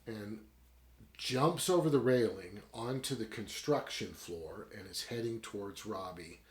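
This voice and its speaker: A man's voice: lowish voice, unhurried, reverberant. A man casually retelling and reviewing a story in a rambling, conversational way. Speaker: book reviewer. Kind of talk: casual book review talk.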